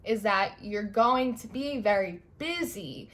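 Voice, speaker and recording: A woman's voice: medium pitch, expressive, slow, a bit bright. A young woman giving a casual, meandering tarot reading, full of "like" and restarts. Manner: chatty, meandering, heavy use of "like". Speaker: tarot reader. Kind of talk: spiritual tarot reading monologue.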